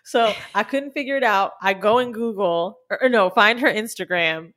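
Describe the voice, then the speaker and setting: A woman co-hosting a casual chat podcast, telling profane stories with animated impressions. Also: medium pitch, normal speed. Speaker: podcast co-host. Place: home recording during quarantine.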